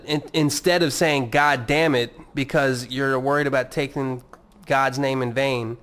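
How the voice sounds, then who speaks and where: Rambling, profane male podcast host. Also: on the high side. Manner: rambling, profane, self-mocking. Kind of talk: casual solo podcast monologue.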